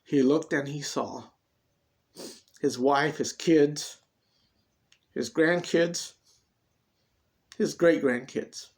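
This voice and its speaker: A man reading his own dramatic story aloud, expressive and swinging between loud and hushed delivery. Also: on the high side, very slow, long pauses.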